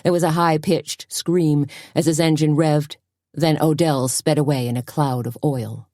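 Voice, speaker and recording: Brief: female audiobook narrator, low mellow voice, dry close sound, measured reading. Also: steady tone, no echo. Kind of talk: scripted mystery narration.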